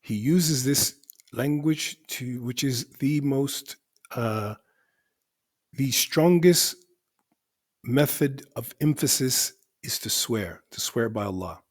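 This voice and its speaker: Man, teacher, methodical lesson on Arabic poetry grammar, mid-pitched voice, repeats points for emphasis. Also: lively intonation, slow.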